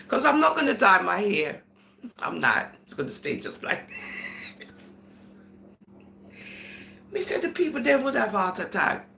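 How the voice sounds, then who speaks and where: A woman chatting in a casual commentary vlog, giggling often and slipping into Caribbean-style phrasing. Her voice is bright and gravelly, and her pitch swings widely. She sounds like she is in an echoey room. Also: very animated, a little slow, long pauses, slight background noise. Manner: giggly, laughs between sentences. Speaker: vlogger.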